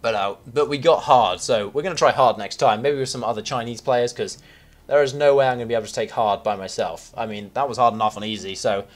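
A young man giving live gameplay commentary as a gaming YouTuber, excitable, yelping and shouting at the game. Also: mid-range voice, fast.

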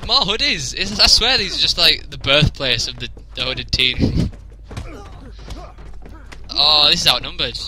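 A man's voice: on the high side, animated, normal speed, pauses often, a crowd in the background. A young man, casually commentating a video game, joking and laughing as he plays. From England. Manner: jokey, laughs often, reacts loudly. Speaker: let's play commentator.

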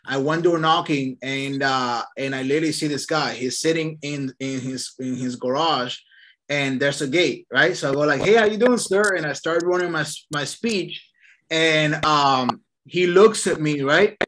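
A man leading a casual online real estate training, telling lively stories in an upbeat way over a video call. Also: on the high side, measured pace, slight background noise.

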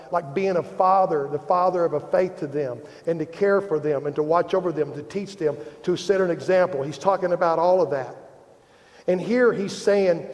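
Here a Midwestern-accented man preaches as pastor in a sanctuary with long hall reverb, his voice high yet darkish in tone. Earnest and quick to poke fun at himself, he builds emphasis as he presses his point.

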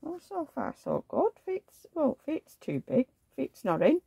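A woman's voice: sits high, sing-song, unhurried, gravelly, dark tone, no room sound. A woman vlogger in casual chat at home, rambling along and cooing at the dolls she dresses. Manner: rambling, chatty, coos at dolls.

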